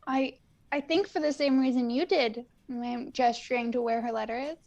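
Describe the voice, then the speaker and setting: Playful woman gamer, high voice, laughs, no room sound. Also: steady tone, moderate pace, gravelly, a little mellow, no room sound, dull audio. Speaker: player. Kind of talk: tabletop game play.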